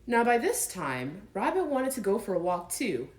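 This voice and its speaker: A woman narrating a classic children's storybook as an audiobook, reading gently and expressively. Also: medium pitch, very animated, normal speed, low-quality recording.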